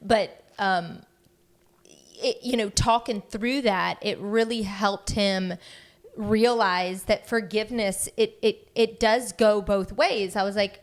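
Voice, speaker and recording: A woman in her thirties co-hosting a podcast, telling family stories in casual chat, animated and given to laughter. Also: mid-range voice, slow pace. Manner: animated, acts out quotes with laughs. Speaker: podcast co-host.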